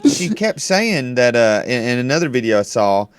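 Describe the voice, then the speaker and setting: Lively, jokey male podcast co-host. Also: medium pitch. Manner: jokey, halting, restarts sentences. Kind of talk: casual chat.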